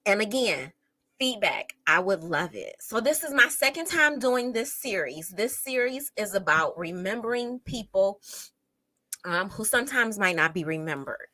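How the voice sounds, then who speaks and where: A woman's voice: mid-range voice, animated, normal speed, sharp tone, dry recording, poor audio. A woman, a teacher, hosting a casual true crime livestream, chatty and emotional, close to tears as she greets viewers in the chat.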